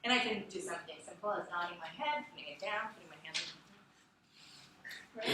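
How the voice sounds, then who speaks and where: A woman teaching a class, talking in a chatty, animated way and often asking the students questions. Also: lowish voice, quick pace. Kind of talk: classroom lecture. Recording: echoey classroom from far off, with background noise.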